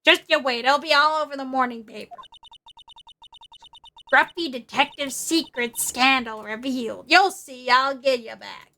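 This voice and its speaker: A woman voicing a pushy female journalist with a put-on Southern US accent and a high-pitched voice. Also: unhurried, bright, forceful tone, faint music behind, full character voice. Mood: brash. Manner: brash, pushy.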